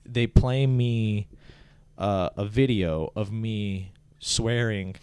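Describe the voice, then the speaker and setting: A man on a casual comedy podcast, telling a long work story with lots of swearing and loud bursts of laughter. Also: lowish voice, very slow, clean tone, dry recording. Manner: animated storyteller, swears freely, laughs loudly at his own story.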